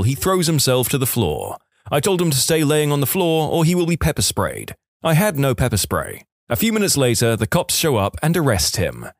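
A man narrating reader-submitted stories as a podcast host, in lively scripted storytelling with asides to the listener. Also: medium pitch, no echo, clean studio sound.

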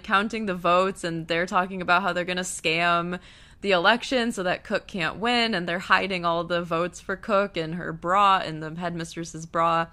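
A young woman talks through a show's episode in a casual, gushy way, swinging from hushed asides to loud outbursts. Her voice is bright and crisp, sitting a little low for a woman. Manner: gushing, emotional, swings between hushed and loud. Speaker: TV recap vlogger.

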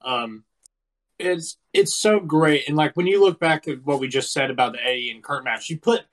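Male co-host in his thirties, lightly raised voice, animated and profane storyteller in casual chat. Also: a little high, normal speed. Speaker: podcast co-host. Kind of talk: casual wrestling review chat.

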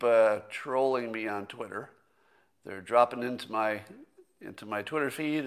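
A man's voice: medium pitch, fairly bright tone. Middle-aged guy rambling thru a solo stream, lots of ums and restarts, dry sarcastic edge. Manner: rambling, thinks aloud with fillers and restarts. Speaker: host. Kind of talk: casual solo livestream commentary.

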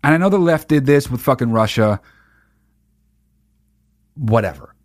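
A man hosting a comedy podcast and riffing on clips in a profane, mocking way. His pitch swings widely as he reacts. He talks at a loose, conversational clip. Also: expressive, measured pace. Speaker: podcast host.

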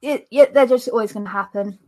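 High-voiced, sarcastic young woman. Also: a little fast, darkish tone. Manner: sarcastic, swearing. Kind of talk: casual podcast chat.

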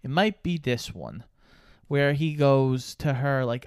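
A man co-hosting a casual movie podcast, talking in a relaxed, rambling way. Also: medium pitch, slow, smooth, no room sound, clean studio sound. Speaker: podcast co-host. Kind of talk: casual movie-review chat.

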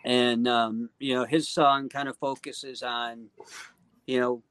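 A man guesting on a casual podcast interview, talking earnestly and warmly, with lots of "you know" and "um". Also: medium pitch, flat delivery, slow pace, smooth. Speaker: guest singer-songwriter.

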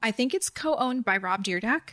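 A woman's voice: on the high side, animated, moderate pace, fairly bright tone, no room sound, clean studio sound. A woman from New Jersey, a guest on a podcast, chatting and telling stories casually. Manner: chatty, storytelling.

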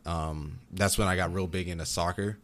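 Deep-voiced young man telling stories. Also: moderate pace. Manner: rambling, animated storytelling with restarts. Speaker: podcast guest. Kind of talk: casual chat.

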